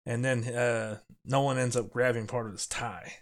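A man talks through a show with a podcast crew in an easy, animated way. His voice sits at an ordinary middle pitch, and he drops quick character lines into his explanations as he goes. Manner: animated, quotes characters in passing. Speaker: podcast co-host. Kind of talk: casual podcast discussion.

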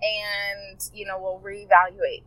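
A woman's voice: mid-range voice, flat delivery, takes it slowly, fairly bright tone, low-quality recording. A woman coach telling a client story to her listeners in a casual, rambling, heartfelt way, often correcting herself mid-sentence. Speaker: health coach podcaster.

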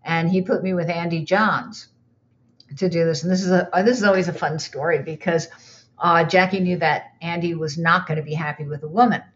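A woman's voice: fairly low pitch, brisk. Older woman recounting studio stories, lo-fi. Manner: animated, acts out quotes in others' voices. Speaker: recording and re-recording mixer. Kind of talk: casual interview storytelling.

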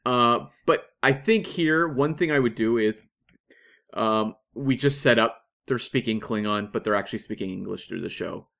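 A man's voice: mid-range voice, normal speed, gravelly, a bit bright. A Canadian man co-hosting a podcast, chatting casually and enthusiastically with plenty of fillers. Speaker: podcast co-host.

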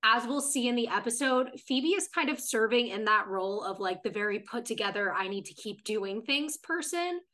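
A woman's voice: on the high side, expressive, moderate pace, few pauses, bright, forceful tone. A woman co-hosting a podcast, chatting casually and retelling TV scenes at length. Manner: retells scenes at length, reading out characters' lines. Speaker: podcast co-host. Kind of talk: casual chat recapping a TV episode.

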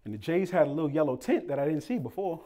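Brief: young male preacher from Boston, lively storytelling sermon, slightly high voice. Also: quick pace. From Boston, Massachusetts. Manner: animated, playful, acts out quoted voices.

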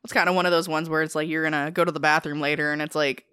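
A woman's voice: low voice, little pitch movement, very fast, a bit bright, clear, resonant tone, no room sound, studio quality. A woman guest on a podcast, chatting casually with lots of fillers and laughter. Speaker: guest on a food-tasting podcast. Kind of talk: casual chat.

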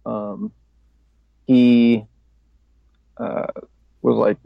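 Gravelly man telling his story. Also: medium pitch, steady tone, takes it slowly, long pauses, dry recording. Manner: rambling, casual, swears, laughs at himself. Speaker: podcast guest. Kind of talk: candid personal recovery story. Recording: dry, slightly dull podcast audio.

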